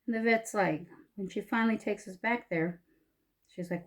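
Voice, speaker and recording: A woman's voice: mid-range voice, normal speed. A woman beauty vlogger telling a story in a casual, salty way while doing her makeup in her home makeup room, laughing often and putting on voices for the people she quotes.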